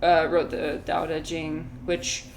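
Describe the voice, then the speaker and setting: A young woman talks casually on a game livestream, rambling and answering her chat as she plays. Her voice sits a little on the low side. Faint background noise hangs under a home desk mic. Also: monotone, slow pace. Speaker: streamer.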